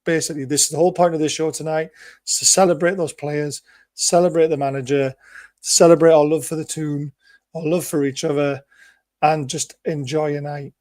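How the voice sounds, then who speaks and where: Guy hosting a fan show, voice half gone and hoarse, a bit high, dry close mic. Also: a little fast, no room sound. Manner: excitable, laughing, hung over. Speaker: host. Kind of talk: casual chat.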